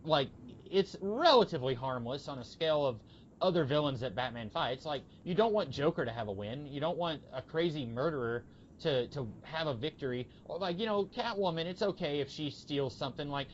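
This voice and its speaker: A man's voice: a little high, brisk, muffled recording, a little hiss or hum. A man co-hosting a podcast, chatting casually about comics and rambling through anecdotes. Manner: rambling, animated storytelling with quoted voices. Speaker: podcast co-host. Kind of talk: casual comic book discussion.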